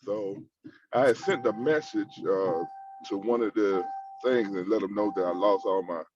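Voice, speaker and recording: A man calling into a webinar, speaking haltingly with many fillers over dull call audio. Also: lowish voice, noisy background. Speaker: caller. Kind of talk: call-in question.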